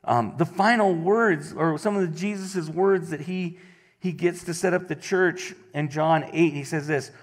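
A middle-aged male pastor delivering a casual, conversational sermon after a quiet opening prayer. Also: on the high side, unhurried.

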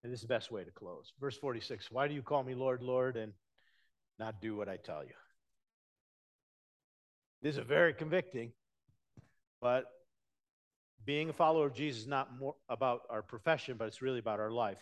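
A man preaching a sermon, talking conversationally and swinging between hushed, low passages and emphatic, raised ones. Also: lively intonation, normal speed, pauses often. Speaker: pastor.

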